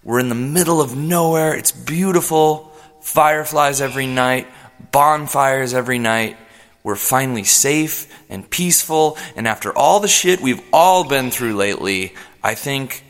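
A man performing a comedy podcast as himself, pleading and excitable, swinging into yelling. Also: mid-range voice, unhurried, long reverb tail. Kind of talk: comedic improvised role-play.

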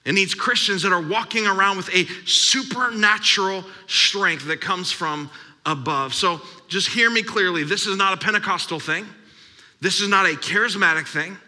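Pastor, man, 30s, high bright voice, emphatic sermon delivery in a long-reverb hall. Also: normal speed. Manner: preaching, emphatic, repetitive.

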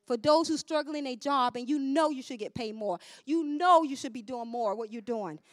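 A woman preacher delivers a fervent sermon in a high voice. She rises into shouted proclamations and drops to low asides, calling for responses. The sound is dry and close, with no room echo. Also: moderate pace. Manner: fervent, call-and-response preaching with swings from shouts to near-murmurs.

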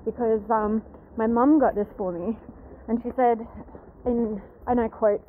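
A woman, host of a casual podcast, tells a long story in a loose, rambling way, full of "like" and "anyway". Her voice sits a little high and comes through a thin, phone-like recording with a faint hiss behind it. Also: steady tone, measured pace. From Australia. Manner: chatty, rambling with many fillers and restarts. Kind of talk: casual chat, retelling a story. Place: outdoors in a city, planes overhead. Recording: tinny phone-like recording, faint background noise.

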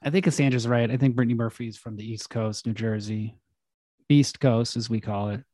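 A man's voice: mid-range voice, steady tone, fairly quick, mellow, no room sound. Rambling, crude man on a podcast. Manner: rambling, crude, casual with fillers. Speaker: podcast co-host. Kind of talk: casual comedic chat.

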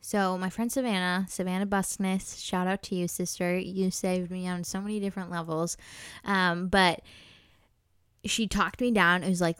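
A woman's voice: fairly low pitch, level tone, moderate pace, a bit bright, clear, resonant tone, dry recording, clean studio sound. A young woman from North Dakota hosting a podcast, telling a personal story in a chatty, earnest and emotional way. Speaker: podcast host. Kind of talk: casual storytelling.

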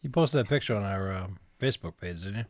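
A woman's voice: very deep voice, animated, fast talker, no room sound. A woman co-hosting a casual chat who cuts in with dry, teasing remarks.

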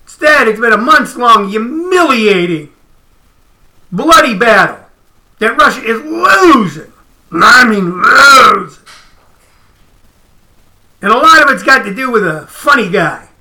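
A man hosting a casual livestream, ranting in an animated, emphatic, profane way. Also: extremely high pitch, a little slow, long pauses. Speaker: comedian host.

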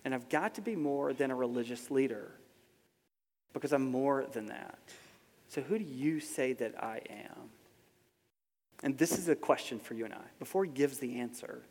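A man preaching a sermon in a casual, conversational way, dropping soft and then rising to emphatic. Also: medium pitch. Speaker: pastor. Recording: long hall reverb.

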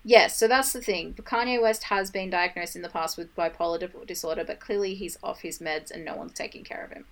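A woman's voice: lowish voice, steady tone, brisk, few pauses, fairly bright tone. A woman co-hosting a podcast, chatting frankly and giving strong opinions. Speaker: podcast co-host. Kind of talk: casual podcast chat.

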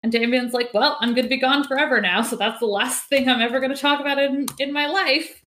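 A woman's voice: sits high, fast talker, fairly bright tone. A woman co-hosting a TV recap podcast, talking things through thoughtfully and hedging with "I mean.". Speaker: podcast co-host. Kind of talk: casual TV recap chat.

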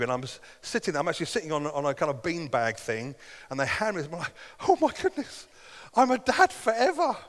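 A man's voice: fairly high pitch, a bit bright. A middle-aged man preaches in an earnest, conversational way. He slips into the voices of the people he quotes. His words ring out with a long hall reverb. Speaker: pastor. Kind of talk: sermon.

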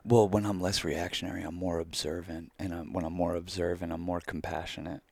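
A man's voice: low voice, level tone, a little fast, vocal fry, a little mellow, breathy edge, no echo. A man co-hosting a podcast, talking in a reflective, candid way and swearing casually. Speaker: podcast co-host. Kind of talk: casual chat.

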